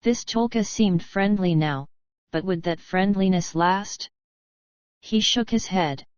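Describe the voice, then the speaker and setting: A woman narrating an audiobook in a measured, even storytelling manner. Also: on the low side, no echo. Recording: dry, slightly dull studio recording.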